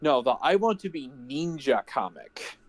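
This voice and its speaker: A man's voice: medium pitch, big pitch swings, normal speed, no echo. A man co-hosting a movie review podcast, bantering sarcastically in casual chat. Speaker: podcast co-host.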